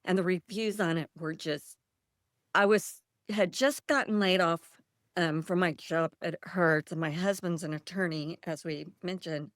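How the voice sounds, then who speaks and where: Woman, author guest, casual interview, rambling, laughs a lot, lowish voice, dry sound. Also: fairly even intonation, a little slow, no room sound. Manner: chatty, laughs often, rambling storyteller.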